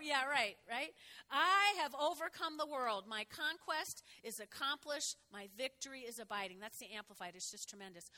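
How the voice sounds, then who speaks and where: A woman pastor preaching a lively sermon, calling out to the congregation and prompting them to repeat after her. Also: high-pitched, a little slow. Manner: lively, call-and-response with congregation, exclaims.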